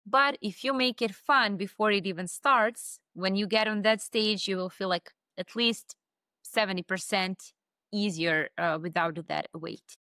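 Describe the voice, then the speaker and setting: A woman's voice: mid-range voice, unhurried, pushed and bright, dry recording, studio quality. A woman hosting an interview, encouraging and chatty, with many fillers. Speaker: interview host. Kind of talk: casual interview talk.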